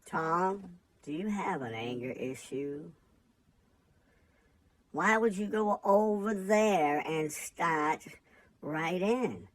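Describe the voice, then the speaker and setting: A woman's voice: on the low side, animated, slow, no room sound. A woman playing an exasperated interviewer who questions and scolds a local official. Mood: reproachful. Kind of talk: satirical comedy interview.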